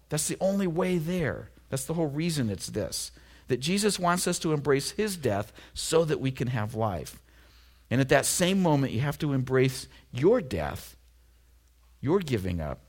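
A middle-aged man from Oregon preaching a sermon in a conversational, storytelling way with self-deprecating humor. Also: medium pitch. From Oregon, USA. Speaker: pastor.

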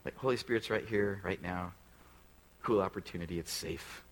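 A man's voice: deep voice, normal speed, low-quality recording. A male pastor preaching a sermon in a conversational way, often putting direct questions to the congregation.

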